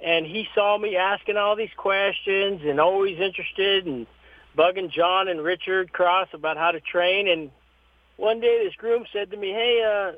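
A man, a horse trainer, telling stories as an interview guest in a lively way, acting out the people he quotes. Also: high-pitched, moderate pace, no room sound. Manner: lively storyteller who acts out the people he quotes. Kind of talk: storytelling interview. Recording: tinny phone line.

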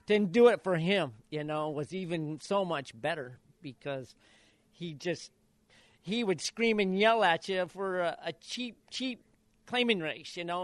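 A man's voice: a little high, dry recording. A man in his sixties from Idaho, a retired jockey telling stories in an interview and acting out the quotes. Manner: lively anecdotal, acts out quotes. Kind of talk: storytelling in an interview.

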